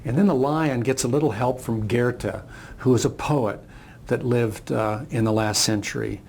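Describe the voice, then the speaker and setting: An older man gives a reflective motivational talk and unfolds a parable as he goes. His voice is gravelly and rough. The pitch sits in the middle. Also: moderate pace, darkish tone, a little hiss or hum. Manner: reflective, storytelling. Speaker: speaker.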